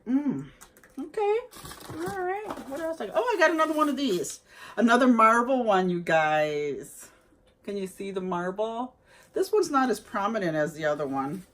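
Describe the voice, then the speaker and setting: A woman's voice: a little high, sing-song, moderate pace, slight background noise. A woman vlogger chatting casually to viewers as she unboxes gifts, exclaiming over each item.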